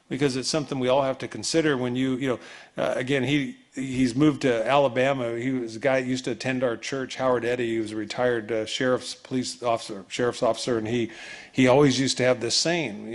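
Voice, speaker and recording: A man preaching a sermon with a middle-pitched voice. He talks loosely and conversationally. He acts out the voices of the people he quotes. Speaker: pastor.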